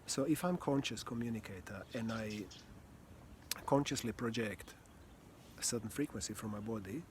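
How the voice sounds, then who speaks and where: A man teaching about communication in a casual, animated way, often easing into a soft, low near-whisper. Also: normal speed, a little hiss or hum. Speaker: communication coach.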